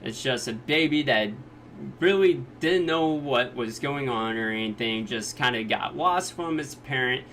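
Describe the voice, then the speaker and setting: A man recapping anime episodes in casual, jokey talk, sometimes quickly acting out the characters' lines. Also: mid-range voice, sharp tone, a little hiss or hum. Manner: jokey retelling, quick quoted voices of characters. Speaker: anime reviewer.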